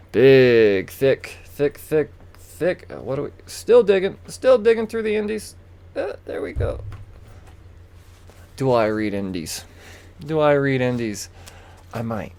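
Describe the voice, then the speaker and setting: A man's voice: medium pitch, darkish tone. A man hosting a casual solo podcast, rambling and chatty, repeating himself and breaking off into asides. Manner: rambling, chatty, self-interrupting with fillers and repeats. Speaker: podcast host. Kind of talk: casual solo comic book chat.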